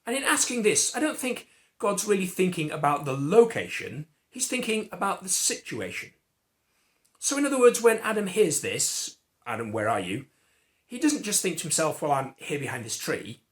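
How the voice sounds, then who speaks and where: English preacher, sermon voice, lively swooping pitch, animated delivery. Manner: animated, with playful acted outbursts.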